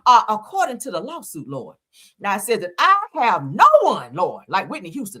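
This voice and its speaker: Woman, gossip commentary, sassy and dramatic, bright, breathy. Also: medium pitch, wildly swooping pitch, moderate pace.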